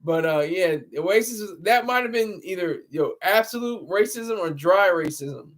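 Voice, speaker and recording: A high, slightly bright male voice comes through a laptop camera mic, animated and at a normal speed. He's hosting a relaxed livestream, rambling, laughing often, and answering his chat.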